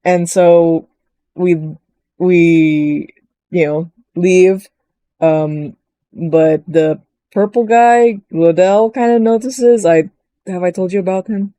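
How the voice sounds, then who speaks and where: Rambling woman with a mellow low voice. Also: takes it slowly, dry recording. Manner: rambling and full of fillers; quotes characters in a higher voice. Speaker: storyteller recapping a game. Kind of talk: casual chat.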